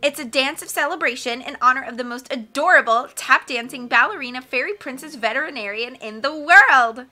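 A woman's voice: high-pitched, fairly quick, hardly any pauses, pushed and bright. A woman voicing a bratty, shrieking little girl with a piercing, bossy manner in an audiobook.

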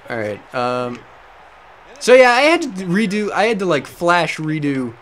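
At home with his cat, a young let's play host casually talks over his gameplay, rambling, self-deprecating and cursing frequently. His voice is a little high and fairly bright, with big pitch swings and a measured pace.

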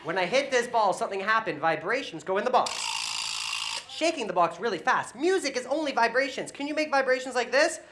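Goofy, animated woman hosting a kids' show. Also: a little high, brisk, a little hiss or hum. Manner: goofy, exaggerated, leads audience call-and-response. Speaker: children's music show host. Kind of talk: playful children's TV presenting.

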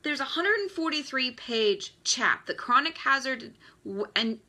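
A woman's voice: high-pitched, lively intonation, measured pace, bright, forceful tone. A woman in her thirties hosting a live stream, talking in a ranting, exasperated way about everyday hazards. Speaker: host. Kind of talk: Facebook Live talk.

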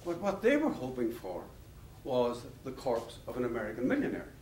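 A man's voice: mid-range voice, huge pitch swings, moderate pace, darkish tone, slight background noise. A man giving a public lecture, telling stories in a discursive, anecdotal way and chuckling at his own tales. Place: lecture hall. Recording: roomy hall, mic far off.

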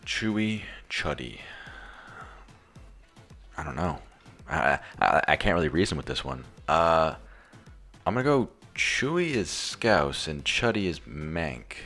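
A man's voice: very deep voice, very animated, slow pace, pushed and bright, faint music behind. An American man, a young adult, thinking aloud through quiz answers in casual, hesitant chat with many restarts. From United States. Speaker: quiz contestant.

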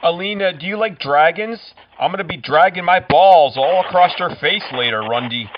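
A man making prank phone calls, delivering cheesy pick-up lines in a deadpan way. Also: fairly high pitch, normal speed, lo-fi sound, slight background noise. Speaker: prank caller.

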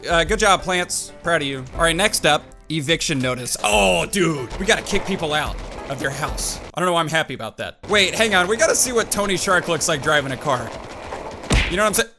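A young man giving excited let's-play commentary on a game, with sudden loud outbursts and gasps. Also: fairly high pitch, a little fast. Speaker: gaming YouTuber. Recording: game music behind the voice. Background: game music.

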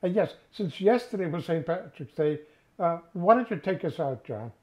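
A man's voice: high voice, expressive, moderate pace. An older man co-hosting a casual chat, playful and jokey. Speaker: co-host. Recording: dull lo-fi sound.

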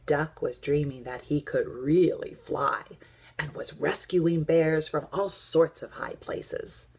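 A woman, a teacher, reading a children's picture book aloud, gentle and slipping into soft whispers. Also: deep voice, breathy edge.

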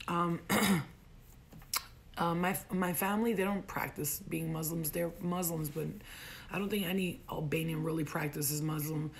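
Gravelly young woman telling a wild story. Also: sits low. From United States. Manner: animated, profane, acts out quotes in a raised voice. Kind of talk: casual storytelling.

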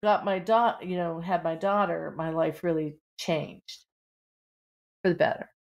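Candid middle-aged woman, lowish voice. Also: steady tone, a little slow, muffled recording. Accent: Pittsburgh. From Pittsburgh. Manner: candid, rambling with many "you know" fillers. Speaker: author guest. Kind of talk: podcast interview.

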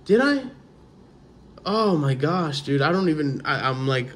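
A man hosting his own vlog, opening sports card packs in casual, excited chat, often stammering and repeating words. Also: a little high, fairly quick.

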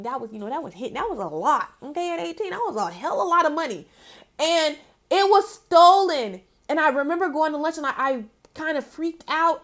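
A woman's voice: high-pitched, a bit bright. A young adult woman giving a casual, affectionate tarot reading, talking chattily with lots of fillers. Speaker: tarot reader. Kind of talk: casual spiritual card reading.

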